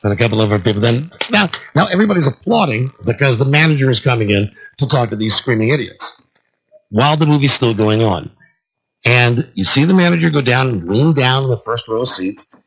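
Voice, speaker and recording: Speaking fairly quickly in a husky, medium-pitched voice, this male radio talk host narrates a long story alone and performs its people with lively animation. The broadcast sounds dull and lo-fi.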